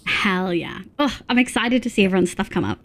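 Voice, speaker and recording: A young woman chatting casually on a live game stream, bubbly and quick to laugh as she reads her chat aloud. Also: mid-range voice. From Australia. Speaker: VTuber streamer.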